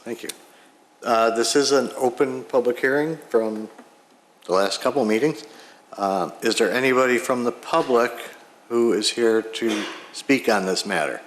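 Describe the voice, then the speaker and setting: A man chairing a village plan commission meeting, brisk and procedural. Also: mid-range voice. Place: village council chamber.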